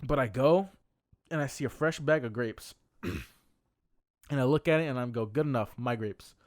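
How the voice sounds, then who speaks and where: A man's voice: medium pitch, normal speed, no echo, clean studio sound. A young man co-hosting a podcast, telling a long personal story in a casual, heavily profane, rambling way full of fillers. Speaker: podcast co-host.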